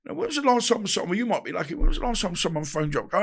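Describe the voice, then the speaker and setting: Rapid-fire and high-pitched, with vocal fry and a breathy edge, a boxer in his 50s trades stories as a podcast guest. He animatedly acts out quarrels and phone calls, changing his voice for every person he quotes in the interview.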